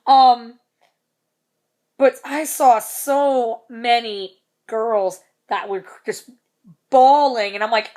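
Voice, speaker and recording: A woman's voice: on the high side, fairly even intonation, extremely slow, long pauses, a little mellow. A young woman telling a story in a casual vlog, rambling, swearing casually and laughing between lines. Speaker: vlogger.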